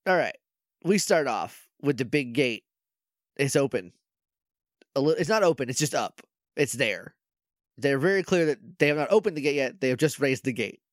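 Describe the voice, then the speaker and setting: A man's voice: medium pitch, normal speed, long pauses, no echo, studio quality. A man co-hosting a casual podcast, recapping a show with jokes and acting out scenes in silly voices. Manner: animated, jokey, acts out scenes in silly voices. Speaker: podcast co-host.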